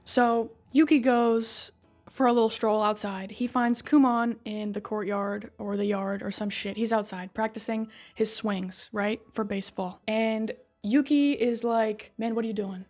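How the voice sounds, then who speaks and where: A woman's voice: fairly high pitch, steady tone, measured pace, a little mellow, faint music behind. A woman retelling a story in a casual, chatty recap, swearing freely and filling her talk with "like" and "right?". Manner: chatty and profane, full of "like" and "right?". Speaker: video creator recapping a game story.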